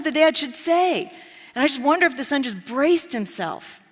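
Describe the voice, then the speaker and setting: A woman preaching a sermon, telling a story in an animated way and acting out the quoted lines. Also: high voice, moderate pace, big-room sound. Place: church sanctuary.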